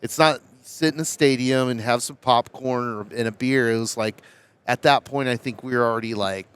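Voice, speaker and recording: A man's voice: mid-range voice, moderate pace, fairly bright tone, smooth. A man hosting a casual podcast interview at a trade show, telling reflective stories and tagging his points with 'right?'. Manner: reflective storyteller, tags with 'right?'. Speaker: podcast host.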